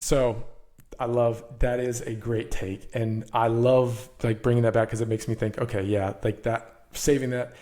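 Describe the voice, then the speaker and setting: In a relaxed podcast conversation, the male co-host speaks in a mid-range voice, quick to laugh and easily excited.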